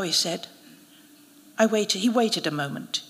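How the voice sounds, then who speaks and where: A woman narrating a literary short story in the first person, in a quiet, measured way, at a live reading. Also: lowish voice, vocal fry. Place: live event venue. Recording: long reverb of a live event hall.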